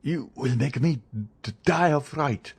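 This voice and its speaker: A man's voice: fairly low pitch, lively intonation, moderate pace, warm tone, husky. A man reading an audiobook, voicing a cowardly, fearful thief who pleads and stammers. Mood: fearful pleading.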